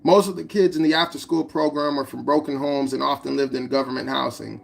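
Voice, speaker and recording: A man narrating his own memoir as an audiobook, in a plain, steady reading. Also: mid-range voice, brisk, gravelly, soft background music. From United States.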